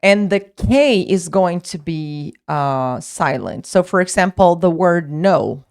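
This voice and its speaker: A woman explains English words. She talks slowly and patiently, spelling out letters and repeating each word. Her voice sits a little low for a woman. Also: lively intonation, darkish tone. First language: Portuguese. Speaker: English teacher. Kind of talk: explaining vocabulary in a lesson.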